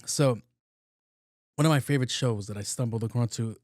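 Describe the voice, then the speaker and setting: A male podcast host telling a rambling comic story, swearing freely and slipping into quoted voices. He speaks at a mid pitch, and his podcast mic sounds dry and close. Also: a little fast, dry recording. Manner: profane, loose and animated, acting out quotes. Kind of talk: comedic storytelling monologue.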